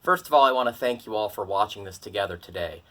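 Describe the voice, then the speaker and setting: Bright-voiced male department director. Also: lowish voice, lively intonation, quick pace. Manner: formal, thankful. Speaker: director of undergraduate studies. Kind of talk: recorded commencement address.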